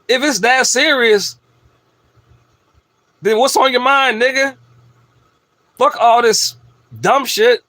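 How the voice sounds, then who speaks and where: A man's voice: extremely high pitch, unhurried, long pauses, pushed and bright, dry recording. A man delivering a blunt, profane, emphatic ranting monologue as a video host.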